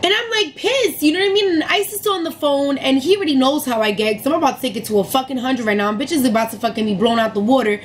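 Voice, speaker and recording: A woman's voice: high-pitched, fast talker, few pauses, a little hiss or hum, low-quality recording. Heated, profane young woman ranting. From New York City area. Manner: profane, heated, animated retelling. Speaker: vlogger telling a story. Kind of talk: casual storytime rant.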